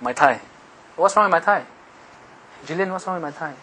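Male pastor, animated sermon delivery, bright voice, light background hiss. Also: fairly high pitch, fairly quick, pauses often, low-quality recording. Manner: animated, teasing the congregation with questions.

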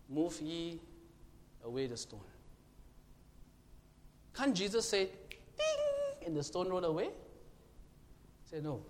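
A man preaching a sermon, emphatic and questioning his congregation, now and then shouting to make a point. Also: fairly high pitch. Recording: long hall reverb, faint room noise.

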